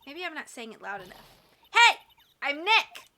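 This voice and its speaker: A woman's voice: on the high side, normal speed, background noise, close to an everyday voice. A woman voicing a young male lawyer in a video game, who talks mildly and stammers when unsure. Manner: mild, hesitant, stammering. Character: young male defense lawyer, awkward and earnest. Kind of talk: video game voice-over reading.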